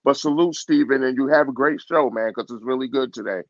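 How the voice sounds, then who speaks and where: A man calling in to a sports podcast, talking in a relaxed, friendly, slangy way. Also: medium pitch, a little fast, dry recording, lo-fi sound. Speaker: call-in guest. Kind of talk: casual chat.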